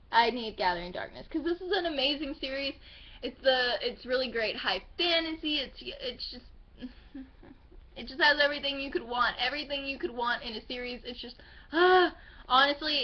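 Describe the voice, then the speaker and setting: A young woman gushes over her new books in a casual home vlog, her voice high and bubbling with excitement. She rambles happily and drops the occasional swear. The recording sounds slightly dull and lo-fi. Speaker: book vlogger. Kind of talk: casual book haul chat.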